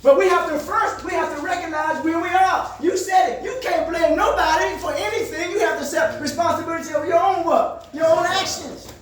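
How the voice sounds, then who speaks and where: Recorded at a distance in an echoey room, this man's very high-pitched voice comes across brisk and slightly bright, with fairly even intonation and few pauses. He leads a group in motivational call-and-response, asking leading questions the listeners complete and frequently getting louder for emphasis.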